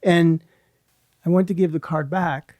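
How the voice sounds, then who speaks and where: A middle-aged man, a guest and motivational speaker, telling a personal story with emotion and pausing often to search for his words. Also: on the high side, steady tone, a little mellow, no room sound, clean studio sound. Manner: halting, searching for words, many restarts.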